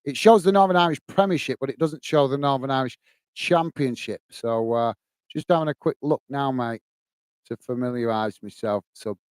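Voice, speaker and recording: Chatty man with a smooth voice. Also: medium pitch, darkish tone, no echo. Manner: chatty, addresses viewers as mate; reads out chat comments. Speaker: livestream host. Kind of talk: casual livestream chat.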